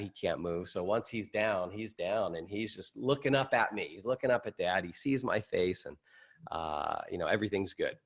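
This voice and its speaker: A middle-aged man teaching a session to an audience, telling a personal story in a lively, conversational way and jumping up in pitch at dramatic moments. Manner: animated storytelling, conversational, rising excitement at high points. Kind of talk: anecdotal teaching talk to an audience.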